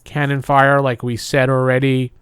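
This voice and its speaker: A man co-hosting a casual gaming podcast, running through listener suggestions in an easy conversational way. His pitch is middling. The recording is dry and close. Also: completely flat delivery, moderate pace, fairly bright tone, smooth, no echo. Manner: conversational, rounds up listener comments. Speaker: podcast co-host.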